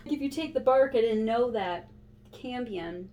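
A woman's voice: fairly high pitch, a little slow, slight background noise. A woman hosting a podcast in casual chat, telling a story with lots of laughter. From Montana. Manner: giggly, animated storyteller. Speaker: podcast host.

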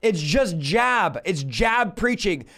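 A man preaching a teaching sermon to a live online audience in a forceful, emphatic way, breaking into sudden rebukes. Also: sits high, expressive, takes it slowly.

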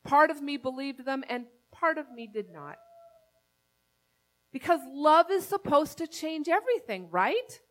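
High-voiced woman preaching a personal sermon. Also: very animated, a little slow. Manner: personal storytelling, conversational and earnest. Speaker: pastor.

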